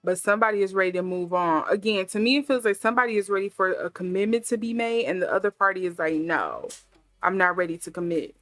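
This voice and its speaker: A woman's voice: mid-range voice, fast talker, hardly any pauses, a bit bright, no room sound, soft background music. Musing woman reading tarot cards. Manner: musing, thinking aloud with many fillers. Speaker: tarot reader. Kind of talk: casual intuitive tarot reading.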